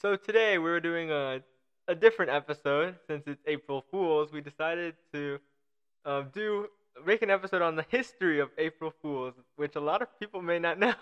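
A man hosting a casual podcast, laid-back and quick to laugh. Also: on the high side, clear, resonant tone. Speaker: podcast host. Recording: slightly dull lo-fi mic.

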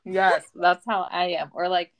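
A woman's voice: lowish voice, little pitch movement, measured pace, low-quality recording. A young woman co-hosting a casual chat, laughing often and acting out stories with dramatic voices. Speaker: podcast co-host.

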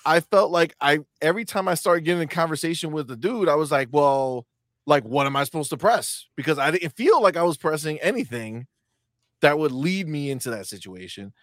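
A man co-hosting a casual gaming chat, animated, dropping low for asides. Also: brisk, no room sound, studio quality.

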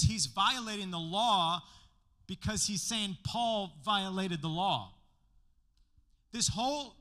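A man's voice: high voice, pushed and bright. A man preaching a sermon as pastor to a congregation in a church room, in a casual, joking way with slang.

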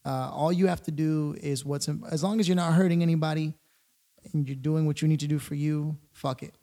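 Man, podcast co-host, gravelly, a bit high voice, blunt, swears freely. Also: fairly even intonation, a little fast, warm tone. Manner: blunt, profane, encouraging. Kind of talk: casual podcast chat.

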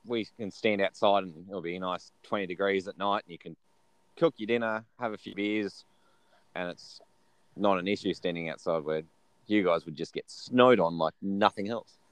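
An Australian man chatting as a guest in a relaxed, easygoing and self-deprecating way. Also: deep voice, moderate pace, clear, resonant tone, no room sound. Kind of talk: casual chat.

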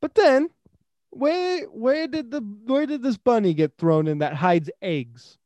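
A man co-hosting a podcast in casual chat, animated and joking, quick to jump in. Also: very high-pitched, no echo, highs cut off. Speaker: podcast co-host.

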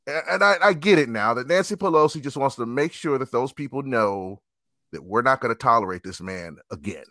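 A bright, sharp-voiced man rants through a casual podcast chat, swearing and hammering his points. His pitch leaps around freely, and the sound is close and dry with no room around it. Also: fairly quick, dry recording. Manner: animated, profane, emphatic ranting.

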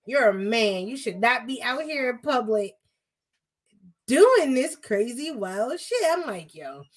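A woman's voice: a little high, very animated, slow. A young woman talking in casual podcast chat, blunt, profane and emphatic.

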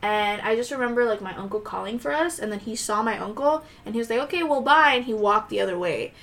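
A young woman on a podcast, telling stories in casual chat, swearing freely and animated. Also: medium pitch, fast. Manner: profane, animated storytelling. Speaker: podcast host.

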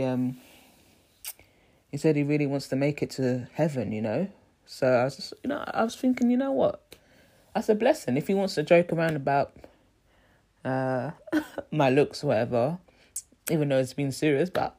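A female vlogger with an extremely low, mellow, husky voice tells a rambling story in a casual vlog. She is chatty, laughs often, and keeps saying "you know what I mean."

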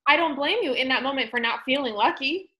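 A woman co-hosting a podcast in casual chat, blunt and quick to laugh. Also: sits high, pushed and bright. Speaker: podcast co-host.

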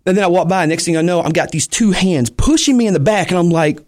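A man co-hosting a podcast, telling stories in animated casual chat and laughing easily. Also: sits high, quick pace, no room sound, studio quality. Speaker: podcast co-host.

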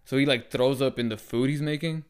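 A man co-hosting a laid-back podcast, rambling through his stories with constant fillers and plenty of swearing. His voice comes across smooth and clear at an ordinary middle pitch. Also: steady tone, fairly quick. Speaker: podcast co-host. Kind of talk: casual chat.

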